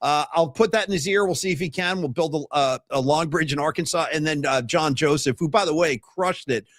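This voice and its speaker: A man hosting a podcast, chatting casually with animated, self-deprecating banter. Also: fairly high pitch, a little fast, dry recording, studio quality. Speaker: podcast host. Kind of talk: casual chat.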